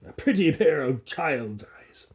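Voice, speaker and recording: Give me a gloating old alchemist, harsh and grating, in a dark mellow tone, as a man puts him on. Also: a little high, very animated, slow pace. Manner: hissing, lisping, roaring at times. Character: sinister old male alchemist, cruel and gloating.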